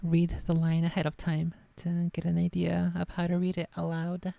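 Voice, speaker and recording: A woman streamer reading a novel aloud and chatting casually, self-critical and quick to swear. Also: on the low side, completely flat delivery, creaky, warm tone, no room sound.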